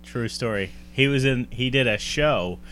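A man's voice: mid-range voice, measured pace, fairly bright tone, slight background noise. A young adult man co-hosting a casual chat, cracking dry jokes and laughing a lot. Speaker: podcast co-host.

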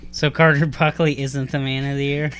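A man's voice: mid-range voice, level tone, normal speed, fairly bright tone, slight background noise. A young adult man co-hosting a casual chat, joking and teasing and laughing often. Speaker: podcast co-host.

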